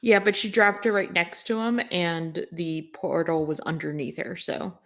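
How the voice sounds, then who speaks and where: A woman narrating as the game master of a tabletop game in slow, drawn-out casual narration. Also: on the low side, fairly even intonation, a bit bright.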